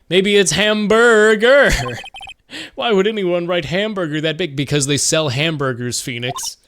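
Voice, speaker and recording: A man streaming a game, reading the dialogue aloud and cracking jokes, swearing and yelling now and then. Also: fairly high pitch, slight background noise. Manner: playful, joking, swears and yells.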